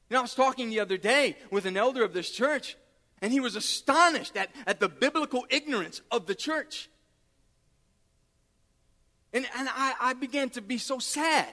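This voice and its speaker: High bright-voiced preacher man, ringing hall. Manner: impassioned preaching, building to shouts; repeats words as he pushes forward. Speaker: pastor. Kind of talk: sermon. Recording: long reverb of a large hall.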